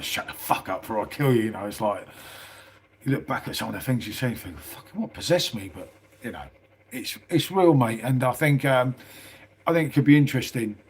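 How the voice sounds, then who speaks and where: A middle-aged man with a southern English accent, chatting loosely on a live stream from indoors. His voice is husky and sits at an ordinary pitch, and he fills his talk with "mate" and plenty of swearing. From England. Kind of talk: casual live stream chat. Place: small house indoors.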